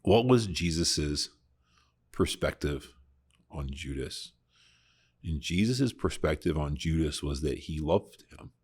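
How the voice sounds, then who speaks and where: A man's voice: very deep voice, expressive, slow pace, long pauses, husky. A man hosting a casual Bible discussion podcast, talking earnestly and reflectively, often restarting his sentences. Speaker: podcast host.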